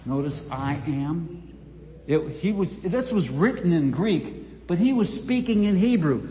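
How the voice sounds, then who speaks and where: A man's voice: high voice, lively intonation, unhurried, mellow, roomy sound, in a large hall, slight background noise. A man preaching and teaching from the Bible, quoting scripture with dramatic emphasis. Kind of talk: Bible teaching at a church event.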